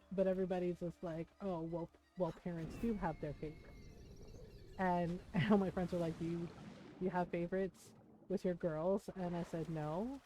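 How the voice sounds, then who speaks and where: A woman's voice: mid-range voice, warm tone, low-quality recording. A middle-aged woman streamer telling a personal story in casual chat while she plays, frank and full of swearing, laughing between lines.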